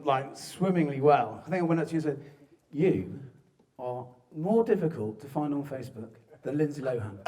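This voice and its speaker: A young groom tells stories against himself, his voice sitting a touch high and often cracking into laughter. The speech is recorded at a wedding reception, with a busy crowd of guests murmuring and laughing behind him. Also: slight background noise. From southern England. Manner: jokey, self-mocking, breaks into laughter. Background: guests laughing and chatting.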